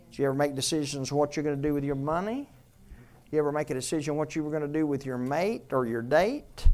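A man's voice: fairly high pitch, darkish tone. An older man preaching a sermon as pastor, conversational and joking, firing off rhetorical questions.

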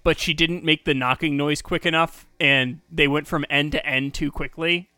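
A man with a bright, forward, slightly high voice co-hosts a casual comedy podcast. He riffs with loose filler words and laughs often. He is recorded close and dry. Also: steady tone, moderate pace, clear, resonant tone, no room sound. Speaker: podcast co-host.

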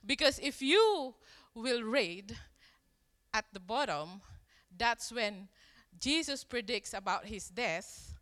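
A woman's voice: a little high, lively intonation, takes it slowly, fairly bright tone, long reverb tail. A woman preaching a sermon in a conversational storytelling way, acting out the quoted lines as she tells the story.

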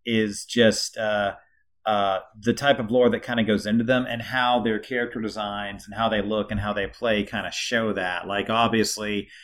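A man's voice: fairly low pitch, fairly even intonation, moderate pace, fairly bright tone. A man co-hosting a podcast, talking thoughtfully and hesitantly with many fillers. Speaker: podcast co-host. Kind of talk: casual chat.

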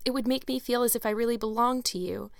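A woman's voice: a little high, steady tone, fast, creaky, no echo, clean studio sound, voice pushed up. A woman voicing an eager, talkative orphan girl of about eleven who speaks in an imploring, dreamy way. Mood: wistful.

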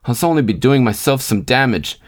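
A man's voice: mid-range voice, expressive, fairly quick, voice pushed up, natural voice. A man voicing an anxious young wife who speaks in clipped, direct questions.

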